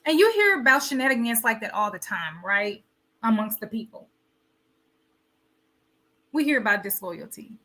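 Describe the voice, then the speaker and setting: A woman with a high, bright voice hosts a live motivational talk. She preaches to her audience, firing off rhetorical questions and repeating her points for emphasis. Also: lively intonation, moderate pace, long pauses. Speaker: host of a wellness show.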